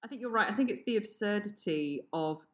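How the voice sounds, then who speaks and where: A woman's voice: mid-range voice, expressive, fairly quick, a bit bright. A woman co-hosting a casual podcast discussion, thoughtful and amused.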